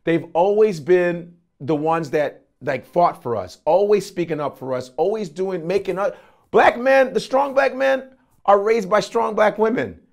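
A man, a comedian being interviewed, talking in an animated, emphatic way with plenty of profanity. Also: high voice, a little slow, creaky. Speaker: comedian guest. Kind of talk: casual interview talk.

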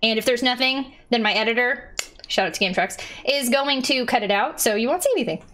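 A woman giving casual let's-play commentary, chatty and excitable, reading game text aloud. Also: on the high side, fairly quick.

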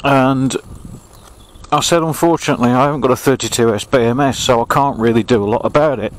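Riding along a disused railway line, a man from England keeps up a quick, casual commentary in a mid-range voice, complaining and mocking himself. The recording quality is low.

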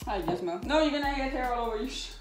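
A short-tempered teenage boy, played by a woman in a cosplay skit, who scolds and teases. His pitch swings up and down a lot. He is heard in an echoey home kitchen with music running behind him. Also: lively intonation, very fast, close to an everyday voice. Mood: exasperated. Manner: scolding, teasing.

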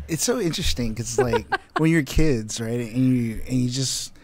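A man as a podcast guest, telling a childhood story in relaxed casual chat with laughs. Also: medium pitch, moderate pace.

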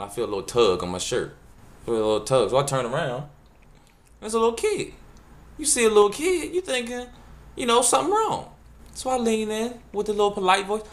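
A man telling funny everyday stories to the camera in a loose, casual way, jumping into voices to act out the scenes. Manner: animated, jumps into high voices when acting out scenes; loose casual speech, drops words. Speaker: vlogger. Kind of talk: casual storytelling monologue.

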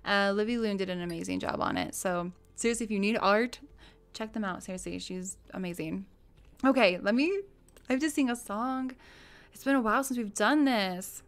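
A woman's voice: a little high, moderate pace. A woman streamer chatting casually over her game, giggling often and greeting viewers by name. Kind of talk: live game stream chat.

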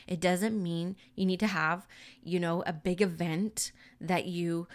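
A woman's voice: on the low side, fairly even intonation, a little slow. A woman medium giving an earnest, emphatic spiritual teaching in a conversational way, sometimes swearing for emphasis. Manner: casual, occasional swearing for emphasis.

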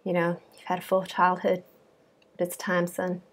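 A woman voicing a solemn father giving his son a serious talk, speaking quietly and gravely. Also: fairly low pitch, completely flat delivery, normal speed, natural voice.

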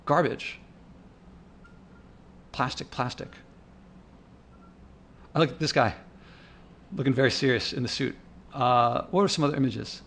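A man's voice: mid-range voice, a little slow, long pauses, a bit bright, a little hiss or hum. A man talking over his own footage in an indignant, rambling way, thinking aloud with restarts and getting worked up. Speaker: vlogger. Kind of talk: casual narrated commentary over park footage.

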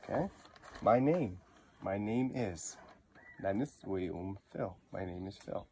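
A man giving a patient pronunciation lesson, repeating words slowly to model how they sound. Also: low voice, lively intonation, darkish tone, a little hiss or hum. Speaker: language teacher.

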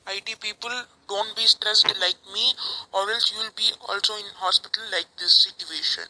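She voices the office workers for her homemade cartoon channel, reading short lines plainly and simply. Her medium pitch stays steady at normal speed with a bright, forceful tone, though the recording is rough and carries slight background noise.

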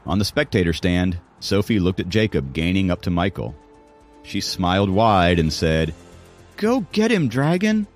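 Deep-voiced male audiobook narrator. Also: moderate pace, faint music behind. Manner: dramatic storytelling. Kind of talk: scripted narration.

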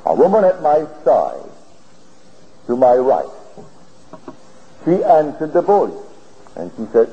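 A man giving a spiritual lecture, telling his story in an earnest, deliberate way, heard on an old archival tape. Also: medium pitch, big pitch swings. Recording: old archival lecture tape, dull and hissy, in a reverberant hall.

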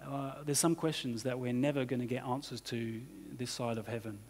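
A man's voice: medium pitch, fairly even intonation, moderate pace, a little mellow, husky. A man preaching a sermon as pastor, talking in a loose conversational way full of "you know" and "kind of". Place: church hall. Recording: church hall reverb.

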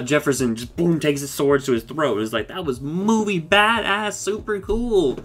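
A man giving a casual, rambling recap of a cartoon episode, excitable and full of swearing and fillers. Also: medium pitch. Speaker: show reviewer.

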